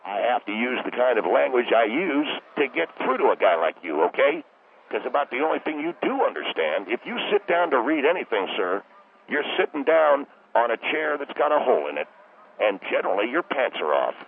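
A man's voice: mid-range voice, very animated, a little fast, creaky, breathy edge, heavily acted. A man voicing a condescending male educator who calls in and hurls crude insults. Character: sneering male educator caller, pro-Union. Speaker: caller. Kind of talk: radio call-in comedy bit. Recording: phone line.

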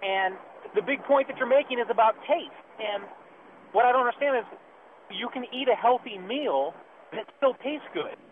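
A man's voice: very high-pitched, lively intonation, normal speed. A man calling in to a radio show, arguing insistently. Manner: insistent, argumentative. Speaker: caller. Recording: phone line with faint noise.

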